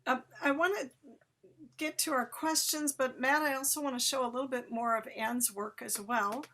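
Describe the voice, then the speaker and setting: Brief: woman moderator, fairly high voice, brisk and upbeat. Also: steady tone, a bit bright. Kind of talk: panel moderation.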